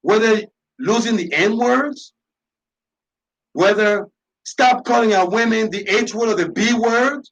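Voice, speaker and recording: A man's voice: sits high, measured pace, pauses often, fairly bright tone, low-quality recording. A man hosting a radio talk show, delivering an impassioned, preachy monologue with lots of repetition and emphasis.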